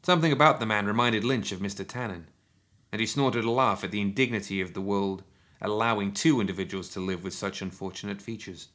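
Guy reading an action story aloud, steady measured pace, slightly low voice. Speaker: narrator. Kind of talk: scripted audiobook narration.

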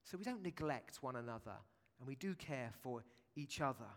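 A man's voice: medium pitch, animated, moderate pace. A man preaching a sermon in a church, chatty and jokey, with asides to the congregation. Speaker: pastor. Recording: long church reverb.

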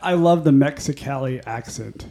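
A man's voice: mid-range voice, moderate pace, mellow. A man co-hosting a casual beer podcast, joking and laughing as he talks. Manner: jokey, laughs a lot. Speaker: podcast co-host. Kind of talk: casual chat.

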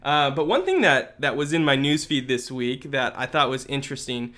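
A man's voice: mid-range voice, lively intonation, moderate pace, sharp tone. A man co-hosting a podcast, casually chatting with playful, teasing asides. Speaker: podcast co-host. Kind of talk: casual chat.

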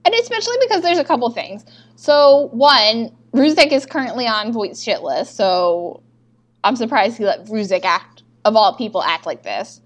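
A woman's voice: fairly high pitch, animated, normal speed. A young woman co-hosting a podcast, casually recapping TV scenes and acting out the characters' lines. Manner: chatty, recounts scenes with quoted lines. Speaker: podcast co-host.

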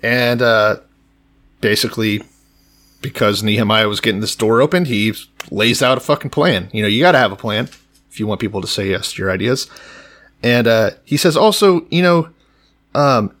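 A man with a lowish, brisk voice co-hosts a casual podcast full of profanity. He's animated and swears freely, retelling scripture in slangy paraphrase and putting on slangy voices as he goes.

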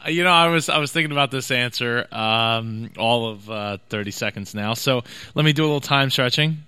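A man's voice: mid-range voice, brisk, bright, forceful tone, clear, resonant tone. A man appearing as a podcast guest, answering in a dry, teasing way. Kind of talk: casual chat.

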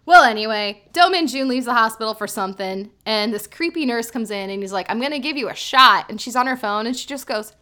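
A woman co-hosting a casual chat, retelling scenes with lively, joking commentary. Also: on the high side, brisk, few pauses, clear, resonant tone. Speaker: podcast co-host. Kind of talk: casual chat recapping a drama.

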